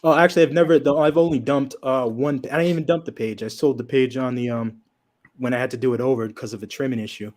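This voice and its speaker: A man's voice: medium pitch, fairly even intonation, quick pace, a little mellow. A man, a comic book creator, chatting as a guest on a livestream in a laid-back, rambling way, with fillers and swearing. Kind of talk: casual interview chat.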